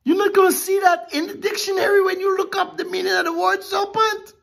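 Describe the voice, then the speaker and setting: A woman preaching a sermon, emphatic and drawn-out with dramatic pauses. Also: very high voice, steady tone, vocal fry, fairly bright tone.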